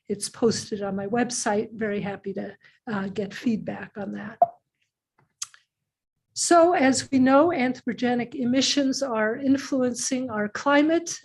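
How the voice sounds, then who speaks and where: A hoarse middle-aged woman giving a scientific seminar talk over a video call, measured and pausing often with fillers. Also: a little high, darkish tone. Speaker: invited seminar speaker, climate scientist.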